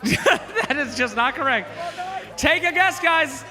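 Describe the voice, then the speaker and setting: A man hosting a quiz at a live event, loud and playful, teasing contestants and shouting out to the crowd. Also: extremely high pitch, lively intonation, slow. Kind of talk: energetic stage hosting to a crowd. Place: large live event arena. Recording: echoey arena hall with music.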